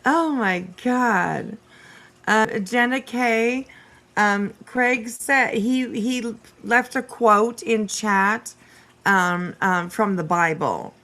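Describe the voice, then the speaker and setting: A woman with a bright, sharp tone talks in an unhurried drawl as she reacts to clips. She swears freely, sounds fed up, and breaks into laughter often. It is a loose, casual commentary. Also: a little high. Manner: profane, exasperated, laughs often. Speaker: host reacting to stream clips.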